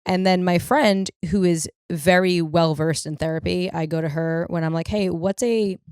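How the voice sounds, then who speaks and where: A woman's voice: on the low side, moderate pace, clear, resonant tone, dry recording, studio quality. A young woman hosting a podcast, telling rambling, profane stories in a casual comedic monologue. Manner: rambling, profane, animated storytelling. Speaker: podcast host.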